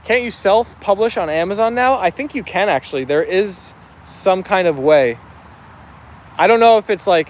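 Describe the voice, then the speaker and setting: A man with a high, light voice chats casually on a live stream outdoors. He reads viewer comments aloud and answers each one in an easy, friendly way. A faint hum of outdoor noise sits under his voice.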